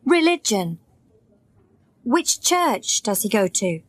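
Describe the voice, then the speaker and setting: A polite young female nurse asks her questions patiently and evenly, as a woman reads her for an audiobook. Her voice sits fairly high and moves slowly. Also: very animated, no room sound, exaggerated voice. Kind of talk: graded reader audiobook.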